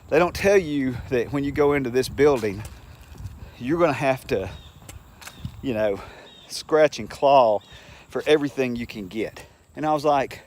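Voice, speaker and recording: An older man with a mid-pitched voice tells stories from his years as a teacher. He rambles in a folksy, unhurried way and acts out the people he quotes. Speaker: retired teacher. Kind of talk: casual storytelling monologue.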